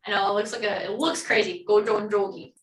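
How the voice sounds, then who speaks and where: A woman's voice: mid-range voice, steady tone, fairly quick, echoey room, recorded from a distance, rough recording. A woman teaching a language class online, upbeat and encouraging as she models words for students to repeat.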